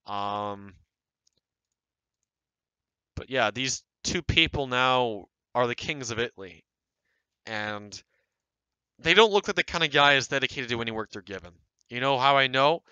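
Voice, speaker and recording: A young man talks through a screen recording in a rambling, sarcastic way, his voice bright and crisp. It sounds close and dry, as if he is speaking straight into a desk mic. He gets animated whenever he mocks someone. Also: mid-range voice, no room sound, poor audio. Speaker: video creator reviewing online game groups. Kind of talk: casual screen-recorded commentary.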